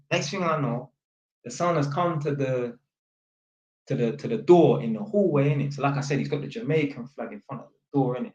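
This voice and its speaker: Animated young man telling a story. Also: on the high side, echoey room, muffled recording. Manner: animated, acts out voices, heavy London slang. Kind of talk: casual storytelling monologue.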